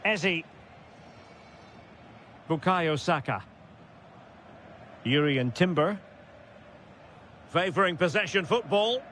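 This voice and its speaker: A man giving recorded play-by-play football commentary for a video game, with crisp calls of player names that rise to shouted goal calls. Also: a little high, takes it slowly, pauses often, a little hiss or hum.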